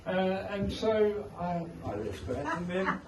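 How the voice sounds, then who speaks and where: A South African-accented man, the author at his own book launch, speaks slowly in a high voice with lively intonation, amusing himself with rambling, digressive stories. The setting is an indoor event room with guests, captured on a noisy, echoey recording from a distant mic.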